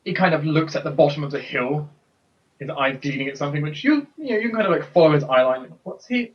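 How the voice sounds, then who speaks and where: A man running a tabletop game as game master, narrating scenes in a casual, halting way. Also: on the high side, expressive. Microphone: computer mic on a voice call. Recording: distant, dull voice-chat audio.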